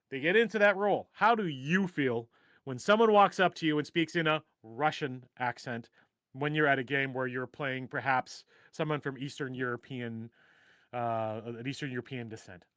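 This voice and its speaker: A man's voice: medium pitch, normal speed, fairly bright tone, no room sound, clean studio sound. A middle-aged man hosting a casual live stream, rambling and joking at his own expense. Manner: rambling, joking, self-deprecating. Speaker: host.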